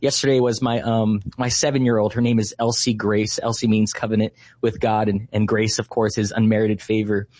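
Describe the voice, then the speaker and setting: A man in his thirties, a ministry leader, telling a heartfelt story in conversation, often pausing with "uh" and "you know". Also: fairly low pitch, flat delivery, a little mellow, dry recording.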